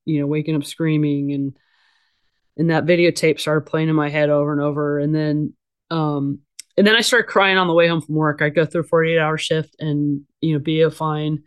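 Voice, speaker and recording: A woman's voice: low voice, fairly even intonation, normal speed, smooth. Blunt middle-aged woman talking candidly. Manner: blunt, casual, with frequent fillers and restarts. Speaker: interview guest. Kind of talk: candid conversational storytelling.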